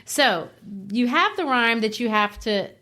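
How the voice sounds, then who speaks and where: A woman's voice: a little high, expressive, measured pace, pushed and bright. Woman co-host explaining poetry like a teacher. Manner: explanatory teacher, sounds out rhythms. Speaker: podcast co-host. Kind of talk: casual literature discussion.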